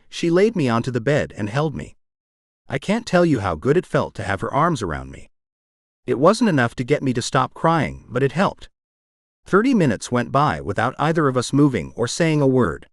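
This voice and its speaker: Male audiobook narrator, expressive first-person romance read, very lively pitch, dry close studio sound. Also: no room sound. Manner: emotional, expressive reading.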